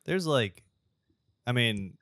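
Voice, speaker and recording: A man's voice: mid-range voice, animated, slow, fairly bright tone, no room sound, studio quality. A man co-hosting a podcast, making blunt, crude jokes in casual chat. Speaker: podcast co-host.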